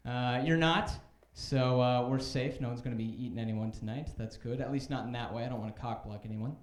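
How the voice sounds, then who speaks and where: A male stand-up comedian with a mid-range voice, opening his set with dry, deliberately awkward crowd work. He works the stage mic in a club with a roomy echo. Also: medium pitch. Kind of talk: stand-up routine.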